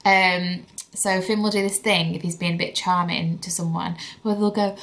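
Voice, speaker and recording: A woman's voice: lowish voice, steady tone, normal speed, fairly bright tone. A young woman, chatting candidly to camera as a vlogging mother, with lots of "like" fillers. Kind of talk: casual chat to camera.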